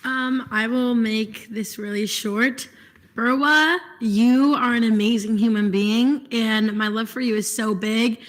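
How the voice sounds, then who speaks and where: Gushing young woman with a slightly high voice. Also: fairly even intonation, slow. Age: young adult. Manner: warm, enthusiastic, gushing. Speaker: student senator. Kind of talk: quick affectionate shout-outs at a meeting.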